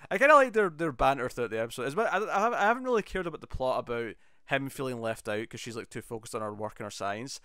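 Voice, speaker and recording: A man co-hosting a podcast, chatting animatedly and acting out scenes in quick bursts. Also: medium pitch, lively intonation, sharp tone, clean tone, dry recording, clean studio sound. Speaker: podcast co-host. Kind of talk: casual chat.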